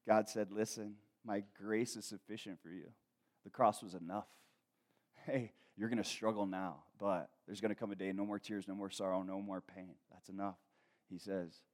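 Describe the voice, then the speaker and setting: A man preaching a conversational sermon, reading scripture and then talking to the congregation casually, acting out voices from everyday life. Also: on the low side. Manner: conversational preaching with asides and laughs; animated, acts out quoted voices. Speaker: pastor.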